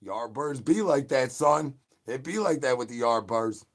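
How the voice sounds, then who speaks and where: A man hosting a phone livestream in a crude, slang-heavy ramble, repeating rhyming catchphrases and swinging between loud bursts and low mutters. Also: lively intonation, unhurried. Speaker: livestream host. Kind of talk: rambling live stream chat.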